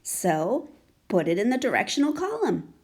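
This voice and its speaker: Breathy woman teaching phonics to kids. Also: on the high side, big pitch swings, a little mellow. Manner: patient, coaxing questions to a young child; repeats letter sounds slowly and clearly. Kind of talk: children's phonics lesson.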